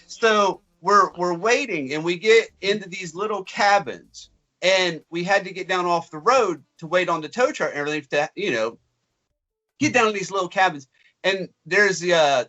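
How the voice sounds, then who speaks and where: Bright-voiced man telling a story. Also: high-pitched, moderate pace, lo-fi sound, faint music behind. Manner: animated, acts out voices in his stories. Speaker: podcast co-host. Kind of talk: casual storytelling.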